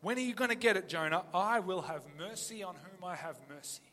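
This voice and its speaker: A man's voice: high voice, brisk, sharp tone, long reverb tail. A man preaching who voices God firmly rebuking a sulking prophet.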